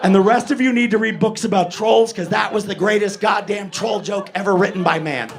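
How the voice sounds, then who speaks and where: A man's voice: high voice, brisk, creaky, faint music behind. A middle-aged man doing a stand-up set, rambling and profane, laughing at his own jokes. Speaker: stand-up comedian.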